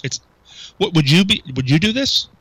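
A man's voice: fairly high pitch, big pitch swings, normal speed, a bit bright, breathy edge, no room sound, rough recording. A male radio talk show host, chatting with his co-host, incredulous and full of rhetorical questions. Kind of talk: local talk radio banter. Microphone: studio microphone.

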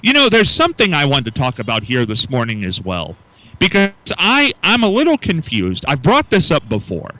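A man's voice: a little high, huge pitch swings, normal speed, pushed and bright, no room sound, low-quality recording. A middle-aged man hosting a casual morning radio talk show, musing aloud and often repeating words as he restarts.

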